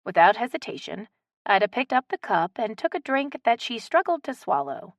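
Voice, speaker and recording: A woman reading a romance audiobook aloud in an expressive narrating style. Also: a little high, moderate pace, no echo, highs cut off. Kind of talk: scripted narration.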